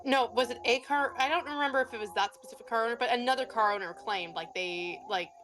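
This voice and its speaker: Woman streamer chatting, slightly high voice, soft music in background. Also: quick pace. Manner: chatty, storytelling, laughs often. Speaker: streamer co-host. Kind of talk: casual stream chat.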